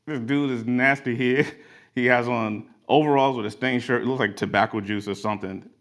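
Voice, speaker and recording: A man's voice: mid-range voice, fairly even intonation, moderate pace, a bit bright. A man telling folksy parable-like stories as a motivational talk, in a garage converted into a studio. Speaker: creative studio owner. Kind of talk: motivational storytelling.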